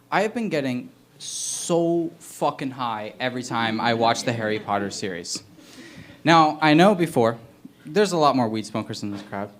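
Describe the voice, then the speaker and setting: A man doing stand-up in a loose, profane way, talking directly to the crowd. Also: a little high. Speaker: stand-up comic. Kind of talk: stand-up comedy. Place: comedy club stage. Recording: noisy live room.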